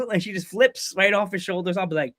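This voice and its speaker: A high-voiced man hosts a podcast in loose, casual chat. He rambles through half-started phrases and keeps cracking jokes. He laughs often and drops into playful quoted voices. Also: a bit bright. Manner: rambling, fast restarts. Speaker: podcast host.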